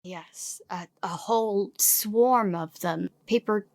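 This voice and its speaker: Player, female, slow and deliberate, lowish voice, dry sound. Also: a little mellow, no room sound. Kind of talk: in-character tabletop play.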